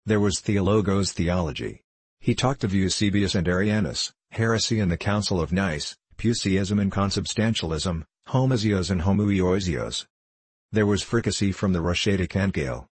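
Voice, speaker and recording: Low, husky male narrator, dry close sound, measured and wry. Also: no echo. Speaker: audiobook reader. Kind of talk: scripted narration of a classic story.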